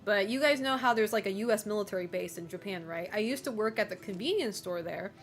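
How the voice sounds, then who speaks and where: A woman's voice: mid-range voice, fast talker, faint music behind. A woman streamer chatting casually with her viewers, rambling with lots of fillers and giggling often.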